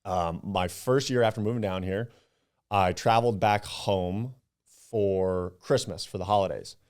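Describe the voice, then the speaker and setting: A young man from Upstate New York, a podcast guest, chatting casually and acting out his stories with animated quotes and some swearing. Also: low-pitched, unhurried, clean tone. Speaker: podcast guest, club founder.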